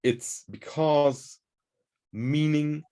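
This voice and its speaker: A man's voice: a little high, steady tone, extremely slow, dark tone, clean tone. A man hosting a conversation, explaining ideas in a thoughtful, searching way. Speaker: host. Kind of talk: conversational discussion.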